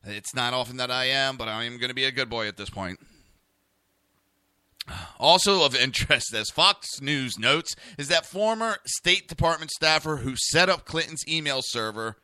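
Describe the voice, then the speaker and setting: A man's voice: medium pitch, lively intonation, moderate pace, bright, forceful tone, clean tone, no echo, clean studio sound. A man with a New Jersey accent hosting a talk radio show, ranting bluntly and cursing freely. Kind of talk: opinionated talk radio rant.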